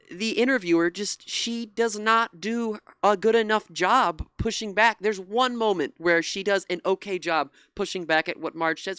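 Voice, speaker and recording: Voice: medium pitch, a bit bright, clear, resonant tone, no room sound, studio quality. A young commentator giving a frustrated, indignant reaction to a TV interview, with many restarts and some swearing. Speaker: political commentary YouTuber.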